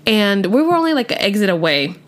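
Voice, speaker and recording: A young woman, telling a storytime vlog in an animated, chatty way full of "like" and "literally". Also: mid-range voice, brisk. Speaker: vlogger.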